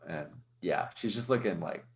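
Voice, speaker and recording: Deep-voiced guy rambling about his character in a tabletop game, lots of ums, echoey room. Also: expressive, moderate pace, creaky. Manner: rambling, hesitant, many fillers. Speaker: player. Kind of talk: tabletop role-play, narrating his character.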